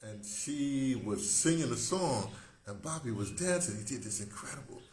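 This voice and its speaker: A man's voice: mid-range voice, animated, moderate pace, a little mellow. A man around seventy, hosting a rambling, casual monologue, often breaking off and circling back mid-thought. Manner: digressive, self-interrupting, conversational. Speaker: host. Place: room, indoors. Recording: echoey room with faint hiss.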